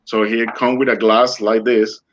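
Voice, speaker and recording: Male guest, storyteller in non-native English, animated, slips into the voices of the people in his story. Dull, lo-fi remote-call sound. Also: lowish voice, moderate pace. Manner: animated, acts out dialogue in other voices. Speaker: interview guest. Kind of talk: personal storytelling. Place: remote online interview.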